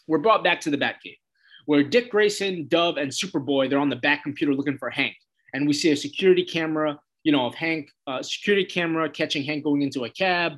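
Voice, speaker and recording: A man with a slightly higher-than-average voice talks through a TV episode in a loose, casual recap. He swears freely and chats along, acting out quoted lines in shifting voices as he goes. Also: fast, fairly bright tone. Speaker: show host recapping a TV episode.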